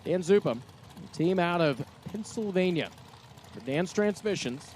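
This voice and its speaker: A man announcing drag racing live at the track, excitable and folksy, quick with a joke. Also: high voice, a little hiss or hum. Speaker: track announcer and assistant general manager. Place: outdoor drag strip. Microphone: hand-held announcer mic.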